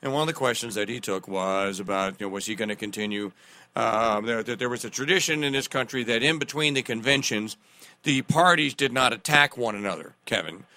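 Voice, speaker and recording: A man hosting a political talk radio show, animated and sarcastic, often laughing at the news he reads out. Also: medium pitch, brisk.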